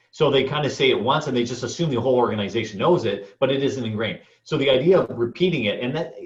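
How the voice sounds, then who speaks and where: Man, panelist, thoughtful, echoey room, muffled video-call sound. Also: medium pitch. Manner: thoughtful, builds on others' points.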